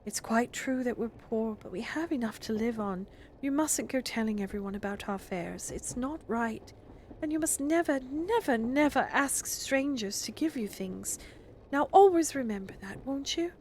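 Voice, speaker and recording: A woman voicing a soft-spoken gentle mother. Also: on the high side, animated, moderate pace, a little hiss or hum, voice pushed up. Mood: firm. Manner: soft, hushed and tender. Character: gentle loving mother of three.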